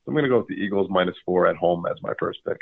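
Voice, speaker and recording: A hoarse man who has lost some of his voice, giving sports betting picks in relaxed, thinking-aloud chat. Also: low-pitched, very fast, no room sound. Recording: phone line.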